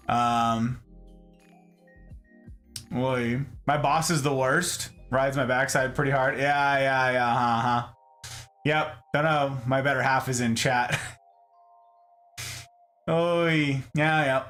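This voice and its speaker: A man's voice: mid-range voice, measured pace, fairly bright tone. A young man hosting a casual livestream, joking with chat and greeting viewers by name while doing chores. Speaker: livestream host. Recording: echoey room with music underneath.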